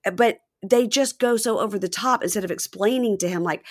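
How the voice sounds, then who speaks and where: A woman podcast co-host in casual chat, easygoing and reasoning things through, with quick agreeing fillers. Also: medium pitch. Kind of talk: casual reality TV recap chat.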